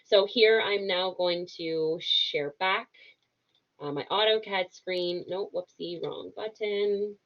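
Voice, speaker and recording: A woman walking viewers through a software tutorial, upbeat and instructive, often checking in with "okay?". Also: fairly low pitch, takes it slowly, highs cut off. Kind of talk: screen-share tutorial narration.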